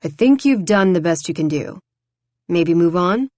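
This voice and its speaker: Brock is a calm, teasing young romantic lead with a playful edge, as a woman narrator voices him. His lines come in a soft, lower, quieter register, close and dry. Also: moderate pace, no echo, lightly acted. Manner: teasing, low-key and calm.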